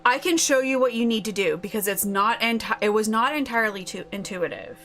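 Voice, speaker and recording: A young woman streaming a video game live, chatting with viewers and yelling excitedly at the game. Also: fairly high pitch, brisk, soft background music.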